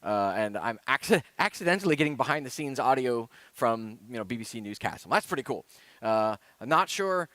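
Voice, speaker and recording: A man's voice: mid-range voice, animated, brisk, sharp tone, dry recording. A man giving a casual conference talk, rambling and chatty, with many fillers like "uh" and "like". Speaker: conference speaker.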